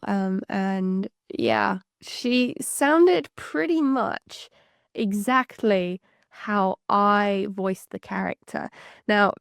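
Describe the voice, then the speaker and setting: A young woman from England chats on a podcast, her mid-pitched voice carrying a gravelly fry. She rambles freely and laughs lightly now and then. The sound is dry and close, with no room around it. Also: no echo. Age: young adult. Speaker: podcast co-host. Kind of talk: casual chat.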